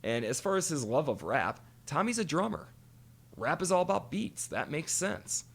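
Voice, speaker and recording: Animated, gravelly man on a podcast. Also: on the high side, moderate pace. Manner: animated, profane, storytelling with quoted voices. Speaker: podcast co-host. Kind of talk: casual chat.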